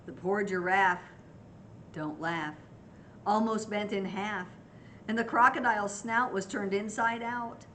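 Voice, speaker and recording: Slow-reading grandmother with a picture book. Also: medium pitch, steady tone, a little hiss or hum, low-quality recording. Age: older. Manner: gentle, asks young listeners questions. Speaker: children's book reader.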